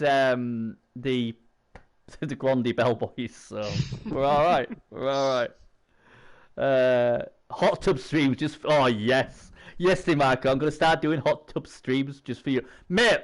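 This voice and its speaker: A man's voice: medium pitch, takes it slowly. A man, hosting a stream in rambling, chatty banter. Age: 40s. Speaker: stream host. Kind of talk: casual chat.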